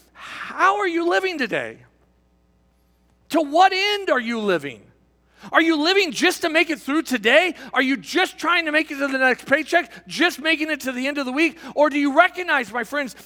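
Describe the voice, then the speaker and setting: A man preaching a sermon as pastor, impassioned and rising, then dropping to a hush for key lines. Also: very high voice. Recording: large hall with long reverb.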